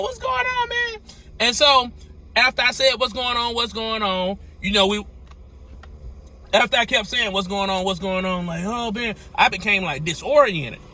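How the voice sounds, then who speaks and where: A man, a truck driver telling a story in a lively, repetitive way with folksy slang. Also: high voice. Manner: animated, repeats phrases, folksy slang. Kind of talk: storytelling to camera.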